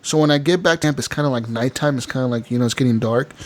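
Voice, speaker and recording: A man's voice: mid-range voice, very fast. A young man co-hosting a casual gaming podcast, telling a story with lots of laughter and acting out the characters' lines. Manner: animated storyteller, acts out characters, laughs often. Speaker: podcast co-host.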